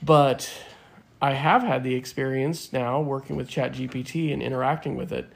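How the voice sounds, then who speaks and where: A man's voice: medium pitch, steady tone, moderate pace, vocal fry, breathy edge. A man in his fifties, a podcast co-host, chatting casually in a reflective, rambling way with fillers. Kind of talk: casual chat.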